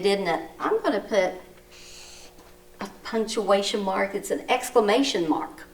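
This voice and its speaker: Slow-spoken woman teacher, distant mic. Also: medium pitch, animated. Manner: slow, exaggerated read-aloud with rising and falling voice; gently coaxing, asks children questions. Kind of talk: recorded lesson for young children.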